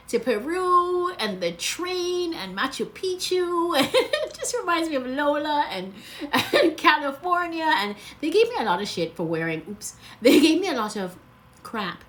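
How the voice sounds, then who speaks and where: A woman talks to viewers on a casual livestream, gushing and laughing as she rambles from thought to thought. She sounds emotional and close to tears, at a middle pitch. A faint noise sits behind her phone recording. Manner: gushing, chatty, laughs often. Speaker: travel vlogger.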